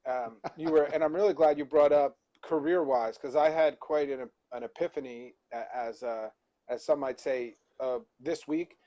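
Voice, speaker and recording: A man's voice: medium pitch, fairly even intonation, normal speed, mellow. Reflective man on dull lo-fi call. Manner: reflective, searching for words, self-correcting. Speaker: co-host. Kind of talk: motivational live-stream talk.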